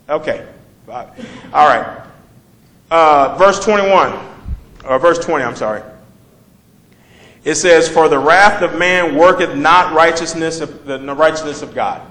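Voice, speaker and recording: A man's voice: fairly high pitch, measured pace, pauses often, a bit bright, reverberant, rough recording. A man preaching a conversational sermon, reading scripture and asking the congregation questions as he explains it.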